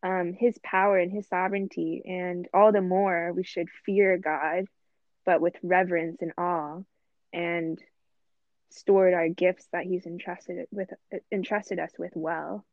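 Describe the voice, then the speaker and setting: A woman's voice: lowish voice, level tone, a little slow, dry recording. A woman co-hosting a casual faith discussion, talking earnestly and reflectively and often quoting scripture. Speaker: podcast co-host. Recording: dry, tinny phone-like line.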